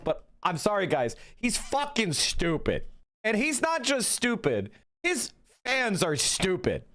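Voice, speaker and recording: A man's voice: high-pitched, a bit bright. A man in his forties giving heated, profane live-stream commentary, his voice climbing as he rants. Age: 40s. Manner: profane, ranting, voice climbing when worked up. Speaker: political streamer.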